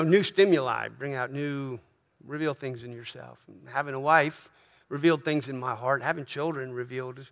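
A man's voice: medium pitch, a bit bright. A middle-aged man preaching a sermon in an earnest, conversational way, often asking "right?" and restarting his phrases. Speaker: pastor.

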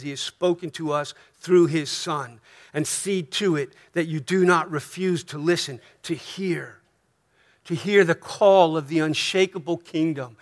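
High-voiced American pastor preaching. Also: male voice. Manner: conversational preaching, frequent "right?" checks; swings from soft asides to emphatic rises. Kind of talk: sermon.

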